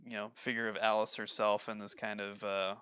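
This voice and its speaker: A man's voice: on the low side, flat delivery, fairly quick, bright, forceful tone, clean tone, no room sound. A man from Ohio hosting a casual podcast, rambling with fillers and frequent laughs. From Ohio, USA. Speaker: podcast host. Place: home.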